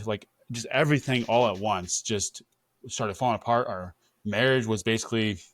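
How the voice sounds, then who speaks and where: A man's voice: fairly low pitch, dry recording, studio quality. A man in his thirties, a podcast host, speaking openly and reflectively about his own life. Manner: open, reflective, with fillers. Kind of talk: candid conversational storytelling.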